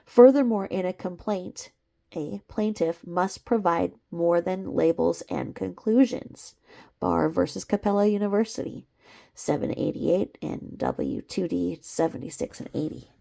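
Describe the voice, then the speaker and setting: Her voice sits fairly low and sounds gravelly yet mellow, and she keeps a measured pace. She's reading legal citations from a court filing, pausing now and then for sarcastic comments and a laugh.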